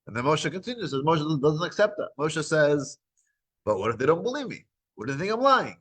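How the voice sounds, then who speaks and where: A man teaching a weekly scripture class, retelling the text as lively back-and-forth dialogue, with frequent restarts. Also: medium pitch, fairly quick, rough recording.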